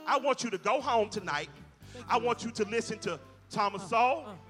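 A man giving a forceful, impassioned speech and shouting at times, played as a clip. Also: high voice, normal speed. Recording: clip in a reverberant hall with faint music.

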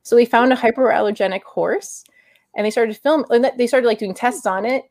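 A woman's voice: a little high, brisk, darkish tone, no echo, studio quality. A woman co-hosting a casual podcast chat about comic books, rambling with frequent restarts. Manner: rambling, many restarts, self-described nerd. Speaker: podcast co-host.

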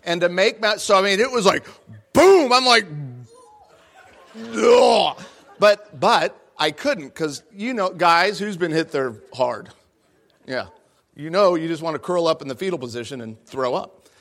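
Animated middle-aged male speaker with a bright, fairly high voice; self-mocking storyteller who acts out the voices for the crowd. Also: normal speed. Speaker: guest speaker. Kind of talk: comedic storytelling talk to an audience. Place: large room before a live audience.

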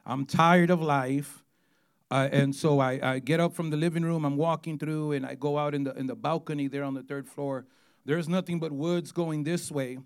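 A man in his forties, an evangelist telling his testimony in a sermon, animated and acting out quotes. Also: fairly high pitch, normal speed, smooth. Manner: animated storytelling, acts out quotes.

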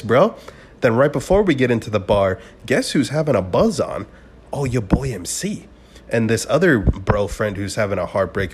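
A man's voice: lowish voice, a little hiss or hum. Profane, rambling twenties guy. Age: 20s. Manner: profane, rambling, bro-ish storytelling. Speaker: podcast host. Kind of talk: casual monologue.

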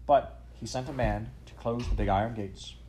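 A man narrating a children's story in an expressive, measured reading. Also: mid-range voice, slight background noise, rough recording. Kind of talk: audiobook storytelling.

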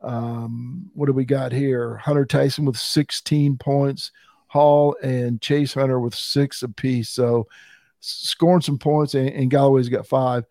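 A man hosting a casual sports talk podcast, chatty and quick to laugh. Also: medium pitch, fairly even intonation, mellow, dry recording, studio quality. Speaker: podcast host.

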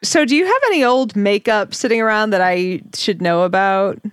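A woman's voice: mid-range voice, moderate pace, smooth, dry recording, clean studio sound. A young woman with a Boston accent, co-hosting a podcast and telling bawdy, joking stories in casual chat. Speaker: podcast co-host.

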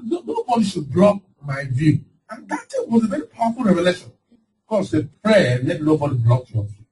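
A man preaching a lively sermon as pastor, laughing often and acting out voices of the people he describes. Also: fairly high pitch, a little fast. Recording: distant mic with faint background noise.

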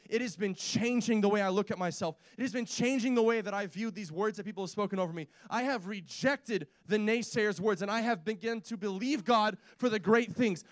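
A man preaching a sermon in a church, pressing his points with repeated rhetorical questions and building to shouts. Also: high voice, no room sound. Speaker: pastor.

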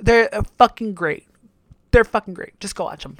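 A woman's voice: medium pitch, moderate pace, dry recording. Chatty, profane young woman reacting. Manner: chatty, profane, frequent laughter. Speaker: reaction video host. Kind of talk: casual reaction commentary.

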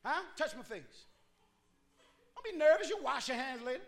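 A man preaching a sermon, swinging between hollering and hushed pleading and calling on the congregation to answer back. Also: extremely high pitch, very animated, normal speed, creaky. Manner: call-and-response with the congregation.

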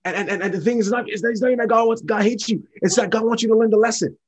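A man's voice: high voice, fairly even intonation, slightly rough, lo-fi sound. A man sharing his faith testimony as a podcast guest, earnest and repetitive. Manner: earnest, repetitive, fast-talking.

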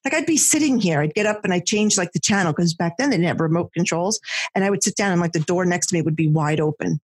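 A woman tells a personal story in a casual chat. Her voice is husky and breathy, and she talks in an animated way, full of fillers and restarts. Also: lowish voice, fast talker.

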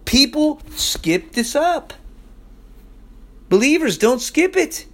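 A man's voice: extremely high pitch, big pitch swings, slow pace, fairly bright tone. A pastor preaching a sermon to his church, talking emphatically and casually with slang asides.

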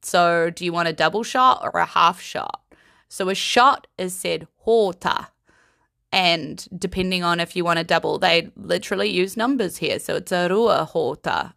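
A woman giving a casual vocabulary lesson in a playful, giggly, unhurried way. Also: lowish voice, gravelly, sharp tone, no room sound, studio quality. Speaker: language teacher.

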